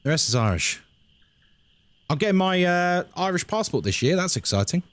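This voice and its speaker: A man's voice: high-pitched, sing-song, normal speed, a bit bright. Jokey man streaming a game. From England. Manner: chatty, jokey, self-deprecating. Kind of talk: casual live-stream chat. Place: home room by a busy road.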